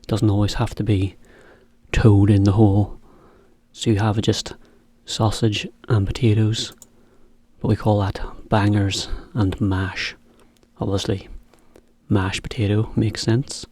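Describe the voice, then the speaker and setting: A man teaching to learners, talking in a relaxed, chatty way with a laugh now and then. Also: on the low side, no echo. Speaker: English teacher. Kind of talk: slow, clear explanation for learners.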